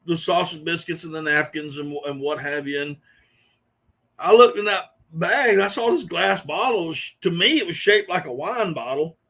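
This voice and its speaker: Man, middle-aged, slightly high voice, chatty live-stream host, rambles and chuckles. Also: a bit bright. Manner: rambling storyteller, chuckling often. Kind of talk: casual chat with viewers.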